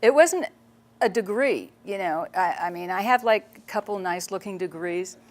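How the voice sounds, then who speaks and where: A woman speaking to an audience in a lively storytelling manner, chatty and quick to laugh. Her voice sits at a middling pitch. She works as a photojournalist and talks to the audience directly. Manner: animated, chatty, laughs often. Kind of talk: storytelling public talk.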